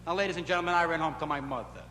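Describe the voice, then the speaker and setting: A man doing a stand-up routine at a nightclub, telling punchy stories in a voice that jumps in pitch and loudness. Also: very fast. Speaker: stand-up comedian. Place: nightclub stage. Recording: echoey club, scratchy 1960s film audio. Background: audience laughter.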